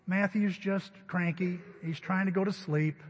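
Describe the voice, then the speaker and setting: A man voicing his wife as a patient young mother who reassures him calmly. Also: lowish voice, measured pace, husky, big-room sound. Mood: reassuring.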